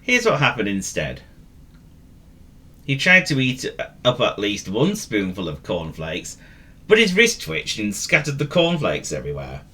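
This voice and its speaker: Playful, expressive storybook narrator man. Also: medium pitch, unhurried. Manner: playful, teasing asides to the listener.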